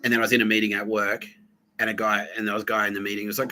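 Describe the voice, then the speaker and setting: A man hosting a podcast, telling a rambling story in a casual, profane, animated way. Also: lowish voice, racing, low-quality recording. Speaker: podcast host.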